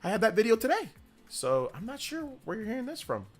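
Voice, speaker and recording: A man hosts a casual gaming livestream, reading viewer questions and chatting loosely. His voice sits a little high and swings widely in pitch as he tells animated stories and laughs often. Faint music plays quietly underneath. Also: a little fast. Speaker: gaming news livestream host.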